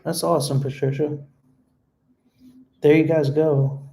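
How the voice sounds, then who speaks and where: A young man talks to his viewers on a home live stream, earnest and a bit rambling. His delivery stays strikingly flat, with hardly any rise or fall, and his tone is dark and soft. He answers comments loosely, with plenty of fillers. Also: fairly high pitch, a little slow, low-quality recording. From United States. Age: young adult. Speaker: vlogger hosting a live stream. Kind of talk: casual live-stream chat reading comments.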